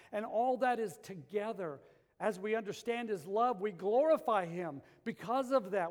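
A middle-aged male pastor preaching a sermon and telling stories, dropping to a hush and then rising loud. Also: high-pitched. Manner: storytelling preacher, swings from hushed to loud. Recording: long hall reverb.

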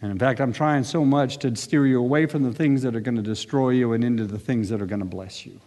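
A man's voice: mid-range voice, fast, a little mellow, in a large hall. A man preaching a sermon earnestly, with conversational asides. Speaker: pastor.

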